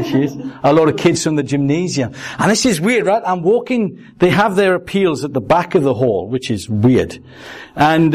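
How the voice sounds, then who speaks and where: A middle-aged man preaching a sermon, telling personal stories in an animated way and acting out the quotes. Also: medium pitch. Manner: animated storytelling, acts out quotes.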